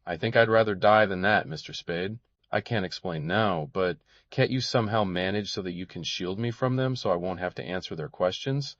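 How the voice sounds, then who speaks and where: Man voicing a frightened young woman client in a detective audiobook, tremulous and pleading, raised a little in pitch; dull, dry recording. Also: moderate pace, few pauses, fairly bright tone, no room sound. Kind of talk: audiobook character voice.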